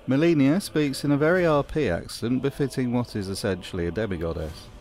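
A man's voice: medium pitch, fairly quick, heavy background noise. A man narrating a scripted video essay with wry, jokey commentary.

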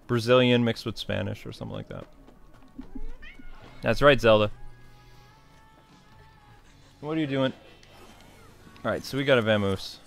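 A man's voice: fairly low pitch, fairly quick, gravelly, pauses often, soft background music. A man from New York with a mixed New York and Midwest accent, giving casual, joking, rambling commentary while playing a game. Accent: New York and Midwest American. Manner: rambling, joking, self-deprecating. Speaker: let's play host.

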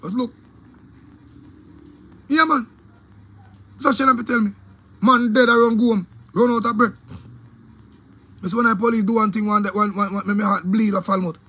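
A man's voice: sits high, fairly even intonation, moderate pace, long pauses, bright, forceful tone, husky. A man with a Jamaican accent, a DJ delivering an angry, profane, repetitive rant about his opinions. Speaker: DJ giving opinions.

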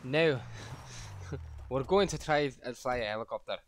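A man's voice: medium pitch, measured pace. Guy streaming a game, rambly and swears a lot, laughs at himself, faint hiss behind. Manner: rambling, self-mocking, swears freely. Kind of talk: casual gameplay commentary.

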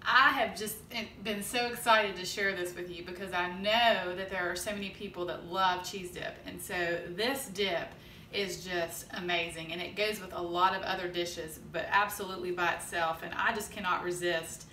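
A woman's voice: lowish voice, fairly even intonation, moderate pace, bright, forceful tone, slight background noise. Chatty woman hosting a home cooking video. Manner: chatty and upbeat, with fillers. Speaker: cooking channel host.

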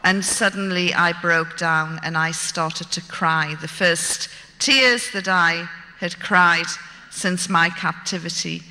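A woman's voice: fairly low pitch, steady tone, slow pace, sharp tone. A woman, telling a dramatic true story from her own life in a vivid, wry, self-mocking way. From Britain. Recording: long hall reverb.

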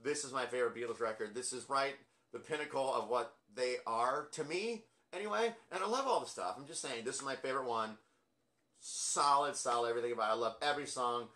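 A man's voice: mid-range voice, fairly quick, pushed and bright. A man casually ranking albums from his record collection, rambling and self-deprecating with lots of fillers. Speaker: music collector vlogger.

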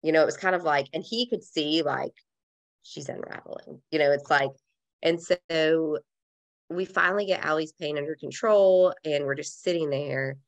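Low-pitched woman on a podcast, candid and emotional, lots of "like". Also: moderate pace. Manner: candid, emotional, many fillers like "like". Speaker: podcast guest. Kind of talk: personal storytelling in conversation.

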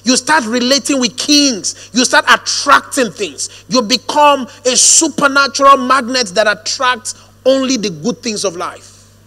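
A man preaching a sermon, shifting from hushed storytelling to a firm, drawn-out preaching cadence. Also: very high-pitched. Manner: storytelling, drops to hushed quoted asides, then rises to a firm preaching cadence. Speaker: pastor. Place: church auditorium. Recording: long hall reverb.

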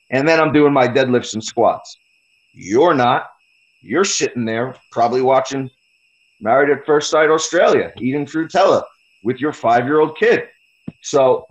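A man's voice: medium pitch, poor audio. A man, a guest fighter on a podcast interview, talking in a profane, confrontational and boastful way. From United States.

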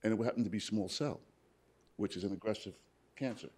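Man, low-ish voice, plainspoken survivor story at a hospital panel, acts out quotes. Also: fairly quick, mellow. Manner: plainspoken, retells conversations in quoted dialogue. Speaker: paramedic and cancer survivor on a panel. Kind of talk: personal story told to a live audience. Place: hospital event room.

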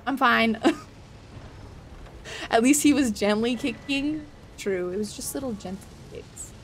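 High-voiced woman yelping through gameplay. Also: measured pace, slight background noise. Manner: loud yelps, swearing and laughing reactions; talks to chat, self-mocking. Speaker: game streamer. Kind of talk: live gameplay commentary.

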